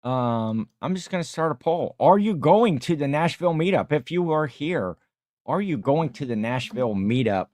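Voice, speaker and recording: A man hosting a casual livestream, reading viewer comments aloud and rambling with many pauses. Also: a little high, animated, a little mellow, no room sound. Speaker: livestream host.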